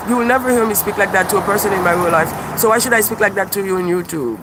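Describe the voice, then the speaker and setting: A man with a high voice rambles through a live-stream monologue outdoors. He is animated and profane, and he laughs at his own jokes. Loud traffic noise sits under everything he says. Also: fast talker, hardly any pauses. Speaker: YouTube livestreamer and self-described comedian. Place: outdoors by a busy street with birds. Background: passing cars and birdsong.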